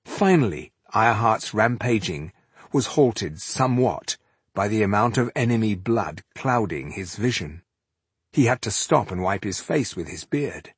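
Husky low-voiced male audiobook narrator. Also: no echo. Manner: measured, dramatic storytelling. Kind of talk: scripted narration.

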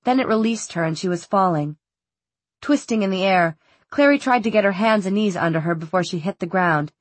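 A woman narrating a novel in a measured, steady way, on a close studio mic. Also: medium pitch, no room sound. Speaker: audiobook narrator. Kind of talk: scripted narration.

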